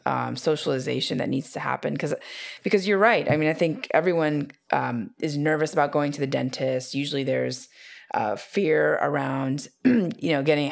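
A woman's voice: low-pitched, creaky. A woman hosting an interview, friendly and affirming as she sums up and moves to the next question. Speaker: interviewer host. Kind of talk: conversational interview.

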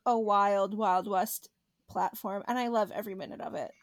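A young woman co-hosting a podcast in casual chat, animated and laughing often as she tells stories. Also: mid-range voice, normal speed, no echo. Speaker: podcast co-host.

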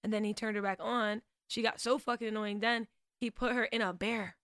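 A woman chatting casually about a TV show, excitable and swearing freely, laughing often. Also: on the high side, fairly quick, no echo, clean studio sound. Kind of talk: casual chat.

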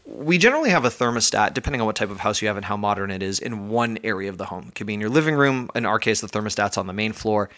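A man's voice: fairly low pitch, rapid-fire, few pauses. Breathless, chatty male podcast host. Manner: energetic, chatty, self-deprecating. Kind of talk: casual podcast monologue. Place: his home.

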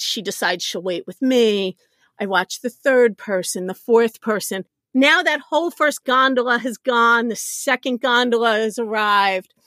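A middle-aged woman telling a personal story to a podcast host, animated, self-deprecating and often laughing as she talks. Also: a little high, dry recording, clean studio sound. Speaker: podcast guest. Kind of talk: conversational storytelling.

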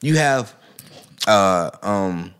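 A man's voice: on the low side, lively intonation, very slow, fairly bright tone, smooth. A man co-hosting a podcast, talking in casual, slangy banter and laughing often. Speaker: podcast co-host.

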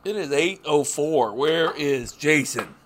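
Bright, lively teasing podcast guy. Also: on the high side, slow, a little hiss or hum. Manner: teasing, joking, swears casually. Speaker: podcast co-host. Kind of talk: casual podcast banter. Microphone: headphones on a call.

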